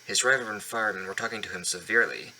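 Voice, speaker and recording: A man's voice: lowish voice, rapid-fire, pushed and bright, a little hiss or hum, rough recording. A man reading a children's storybook aloud at home, often stumbling and restarting lines. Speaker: reader of a children's book. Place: home basement.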